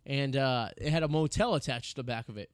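On a clean studio recording with no room sound, a medium-pitched man speaks at a quick pace into a studio mic. He's a podcast host in his thirties whose casual chat turns into long, rambling tales packed with fillers and false starts.

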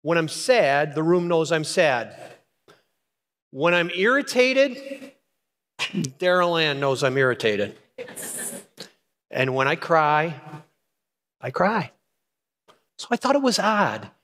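Middle-aged male pastor, high-pitched, dramatic pauses; echoing church hall. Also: big pitch swings, a bit bright. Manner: dramatic storytelling with pauses and repetition. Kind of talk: sermon. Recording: long hall reverb.

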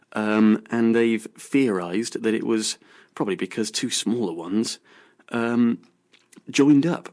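A man hosting a local radio science show, chatting casually through news stories with lots of ums and restarts. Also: on the low side. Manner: rambling with many fillers and restarts.

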